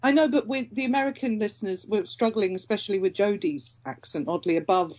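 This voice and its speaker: A woman co-hosting a podcast in casual chat, teasing and quick to jump in. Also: mid-range voice, a little mellow, dull audio, slight background noise. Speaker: podcast co-host.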